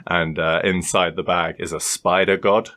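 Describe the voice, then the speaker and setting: Male co-host, low voice, bright tone, rambling and swearing in casual chat. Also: fairly even intonation, moderate pace. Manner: rambling storyteller, swears freely, laughs often. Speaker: podcast co-host.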